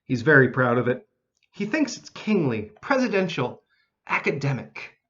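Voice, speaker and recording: A man voicing a small male elf with a slightly squeaky, sing-songy voice, talking in an earnest, urgent way in a storybook reading. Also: sing-song, normal speed, fairly bright tone, highs cut off.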